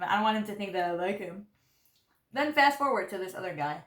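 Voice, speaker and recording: A young woman vlogger tells a story in casual chat, talking fast while chewing her food. Her medium-pitched voice is a bit bright with lively intonation, the room reverberant, and her loose, rambling speech is heavy on "like."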